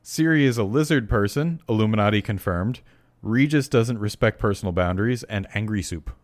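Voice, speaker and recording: Very low-voiced joking man. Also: a little fast, no room sound. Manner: joking, deadpan quips, frequent restarts. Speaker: podcast co-host. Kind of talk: casual chat.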